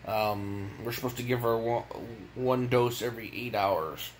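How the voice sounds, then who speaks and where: A man's voice: medium pitch, fairly even intonation, measured pace, a little hiss or hum, low-quality recording. A tired young man and father talking casually in a home vlog, weary and frustrated, often repeating words as he speaks. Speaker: vlogger, father.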